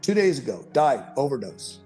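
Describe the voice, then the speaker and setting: A middle-aged man, a podcast guest, telling his life story in a rambling, animated way, with frequent restarts and self-corrections. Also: mid-range voice, normal speed, soft background music. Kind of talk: personal storytelling.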